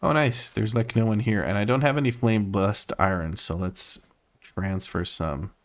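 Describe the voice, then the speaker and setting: A man's voice: fairly low pitch, moderate pace. A man from Croatia with an American accent, casually talking through a video game as a streamer and explaining things as he plays. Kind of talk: casual gameplay commentary.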